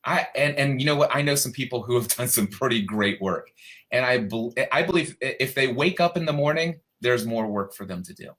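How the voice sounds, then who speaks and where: A man speaks as a guest on an online show. He sounds earnest and heartfelt, leaning into his words with emphasis. His voice sits at a middle pitch. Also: lively intonation, a little fast, a bit bright. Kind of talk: promotional pitch and chat.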